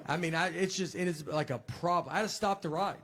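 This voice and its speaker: A middle-aged comedian, telling stories in a deadpan, self-deprecating way and laughing through them. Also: male voice, on the high side, fast, some chatter behind. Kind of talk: casual comic storytelling. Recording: noisy background hiss.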